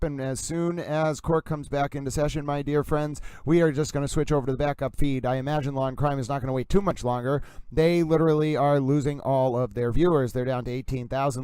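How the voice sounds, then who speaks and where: A man's voice: on the high side, clean tone, no echo. A man with a Massachusetts accent hosting a livestream, rambling playfully in a mock-grand, announcer-like manner. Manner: announcer-like delivery, mock-grand, keeps addressing "ladies and gentlemen". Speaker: livestream host.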